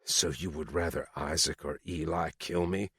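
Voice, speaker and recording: A man's voice: rumbling low, steady tone, moderate pace, fairly bright tone, husky, no echo, studio quality, exaggerated voice. A man voicing an angry young biker son who confronts his mother in harsh, cursing outbursts. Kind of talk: audiobook character reading.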